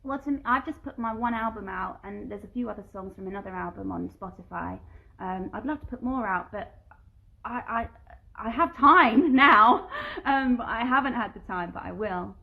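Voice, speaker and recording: A woman's voice: mid-range voice, a little fast, creaky, phone-quality sound. Chatty woman reading out viewer questions. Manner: chatty, reads questions aloud then answers them. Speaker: performer answering viewer questions. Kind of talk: casual livestream Q&A. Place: at home. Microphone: phone livestream.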